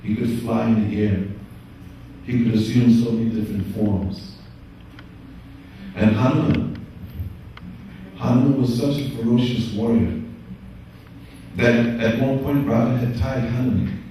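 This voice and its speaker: A man, a spiritual teacher, calmly telling a devotional story in short rhythmic phrases at a yoga studio opening. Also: medium pitch, measured pace, long pauses, slight background noise. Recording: echoey room, distant mic, faint ambience.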